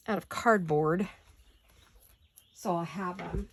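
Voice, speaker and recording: A woman's voice: on the low side, unhurried, pauses often, husky. A woman hosting a craft-along from her home studio, chatting and talking to herself in a rambling, playful way. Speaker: crafting channel host.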